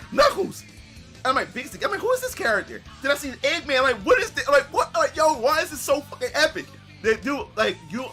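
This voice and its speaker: A high-pitched, bright-toned man in his thirties streams and reminisces about games, talking excitably with lots of repeats and swearing. Faint music plays under his voice. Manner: excitable, repetitive, swearing, restarts often. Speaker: gaming streamer. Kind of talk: casual reminiscing commentary.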